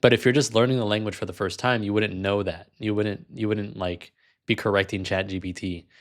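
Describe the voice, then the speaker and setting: Male vlog host, fairly low voice, relaxed and chatty, trips over his words. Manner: casual, many fillers, self-correcting. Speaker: vlog host, language learner. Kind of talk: casual chat.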